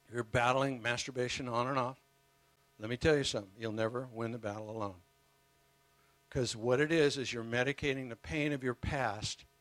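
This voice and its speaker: A male preacher delivers an emphatic, passionate sermon at a mid pitch. He swings from forceful peaks down to hushed lows. The recording is dry and close. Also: no room sound.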